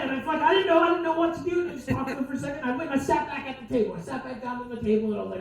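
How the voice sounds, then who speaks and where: A man's voice: extremely high pitch, rapid-fire, creaky, few pauses, background noise. A man doing a stand-up set, profane and rambling, laughing at his own lines. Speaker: stand-up comedian. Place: comedy club stage. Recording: echoey club from far off.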